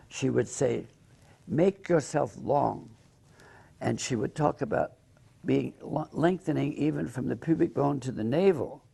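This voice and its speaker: An older man, a movement teacher, reflecting in an interview, halting with many repeated words and fillers. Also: mid-range voice, gravelly, warm tone, husky.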